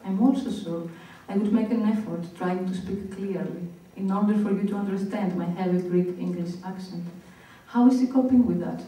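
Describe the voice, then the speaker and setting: Dark-voiced woman performing in an echoing hall. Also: mid-range voice. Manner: slow, deliberate, with long pauses. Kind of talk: staged spoken-word performance. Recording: very echoey hall, voice picked up from far off.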